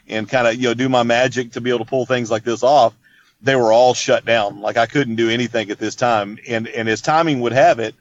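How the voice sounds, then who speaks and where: A man's voice: medium pitch, dull audio. A man telling a long story in casual chat, rambling and laid-back, full of "dude" and "you know what I mean.". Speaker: podcast guest.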